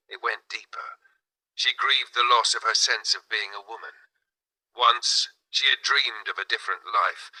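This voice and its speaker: Male audiobook narrator with a measured, dramatic delivery and a lowish, bright voice. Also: poor audio. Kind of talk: scripted narration.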